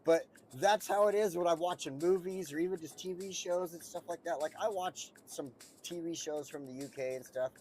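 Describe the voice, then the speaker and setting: A man's voice: fairly high pitch, moderate pace, hardly any pauses, darkish tone, slight background noise. A man chatting casually while streaming a city-building game, rambling and swearing freely with frequent chuckles. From United States. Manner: rambling, profane, chuckles often. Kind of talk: casual gameplay commentary.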